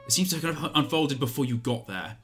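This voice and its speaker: A man's voice: mid-range voice, expressive, quick pace, fairly bright tone. Man hesitantly narrating a tabletop game. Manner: hesitant, filler-heavy. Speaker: game master. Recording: faint music behind.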